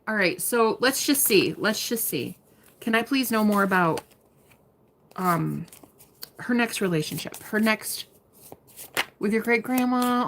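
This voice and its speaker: A woman's voice: medium pitch, a bit bright. A young woman giving live-stream tarot readings, chatting casually, swearing freely and laughing often. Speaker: tarot reader.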